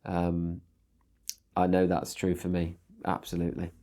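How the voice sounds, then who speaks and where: On a casual interview show, a film director appears as a guest, speaking in a fairly low, mellow, somewhat monotone voice at a slightly slow pace. His delivery is loose and hesitant, packed with fillers and restarts, and he often pokes fun at himself.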